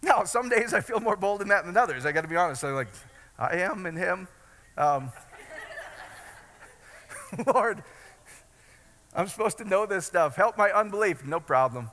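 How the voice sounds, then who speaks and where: A man preaching a sermon in a loose, joking way, asking the crowd questions and building up to loud declarations. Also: high voice, lively intonation, fairly quick, in a large hall. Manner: conversational preaching with jokes and rising shouts. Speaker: pastor.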